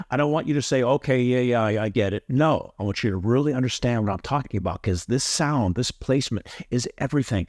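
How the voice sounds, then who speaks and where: A man gives a yoga breathing lesson in an earnest, emphatic way, repeating his key points for weight. His voice sits at a middle pitch. The sound is dry and close, with no room echo. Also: darkish tone. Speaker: yoga teacher. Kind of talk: instructional tutorial.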